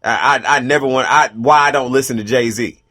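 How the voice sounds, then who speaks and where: A man co-hosting a radio talk show, talking in a relaxed, conversational way. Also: medium pitch, a little fast. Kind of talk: casual chat.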